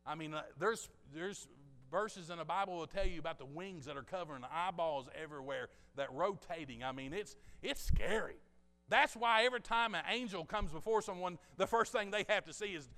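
A man's voice: high voice, fairly quick, sharp tone. A man preaching a sermon in a chatty, joking way, talking straight to the congregation in a church. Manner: conversational, jokey preaching with asides to the congregation. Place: church sanctuary. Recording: long hall reverb.

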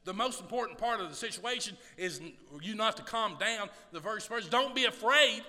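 A man preaching a sermon, swinging from hushed, low passages to loud, shouting exhortation. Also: normal speed, in a large hall.

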